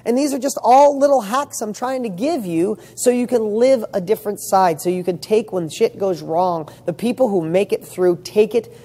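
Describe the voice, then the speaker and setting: A man's voice: high voice, normal speed, few pauses, warm tone. A man giving a motivational talk as a coach, speaking emphatically, firing off rhetorical questions and swearing casually. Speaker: motivational coach for real estate students.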